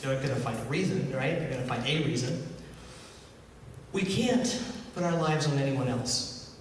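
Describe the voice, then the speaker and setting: A man's voice: medium pitch, expressive, moderate pace, a little hiss or hum. Man, minister, sermon in a big echoey hall, heard from a distance, talks to the congregation with questions. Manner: conversational, asks the congregation questions. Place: church hall.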